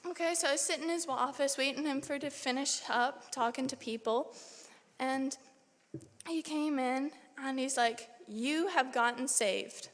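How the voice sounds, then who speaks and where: A young woman giving a personal testimony in church, telling her story in a lively way and acting out her own reactions. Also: high voice, normal speed. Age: young adult. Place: church sanctuary. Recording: long church hall reverb.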